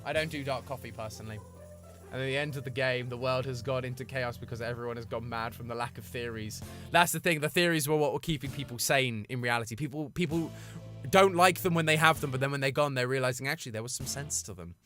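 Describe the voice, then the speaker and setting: A man's voice: medium pitch, fairly bright tone, faint music behind. Chatty man streaming. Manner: chatty, quick asides to chat, playful. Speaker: streamer answering chat. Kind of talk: casual live-stream chat.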